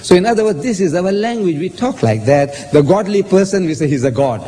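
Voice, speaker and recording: A man lecturing on Bible verses, animated, quoting passages and posing rhetorical questions. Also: high voice, a little fast, a little hiss or hum. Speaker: lecturer on scripture. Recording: hall reverb with faint ambience.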